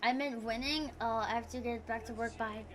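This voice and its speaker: A young woman streaming as a VTuber from home, chatting loosely with a slight tomboyish rasp, swearing and laughing as she reads out chat. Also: a little high, fairly even intonation, brisk, fairly bright tone. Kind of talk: casual livestream chat, reading out chat messages. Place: home room. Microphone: desk streaming mic.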